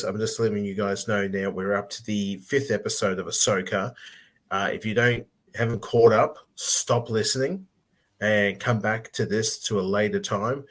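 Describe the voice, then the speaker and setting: Laid-back lower-voiced man. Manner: laid-back, rambling, with fillers and throat clearing. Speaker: co-host. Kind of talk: casual podcast chat.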